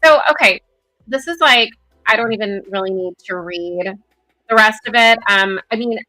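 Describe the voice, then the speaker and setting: A woman co-hosting a casual political commentary show over a video call, chatty and giggly, reading news aloud with quick asides. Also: mid-range voice, sharp tone, soft background music. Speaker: co-host. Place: home, virtual background.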